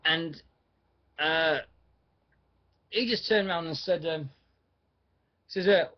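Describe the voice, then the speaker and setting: A man's voice: on the high side, slow pace. Rambling man on lo-fi radio. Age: 40s. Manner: rambling, lots of fillers and restarts, chatty. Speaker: radio host. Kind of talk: casual rambling radio chat.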